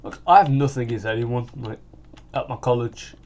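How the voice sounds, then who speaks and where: A man's voice: medium pitch, a little fast, a little mellow, dull audio, slight background noise. A sixteen-year-old boy with a British accent, chatting in a rambling way while he plays, full of "like" and restarts. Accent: British English. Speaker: gaming channel host. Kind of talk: casual chat while gaming.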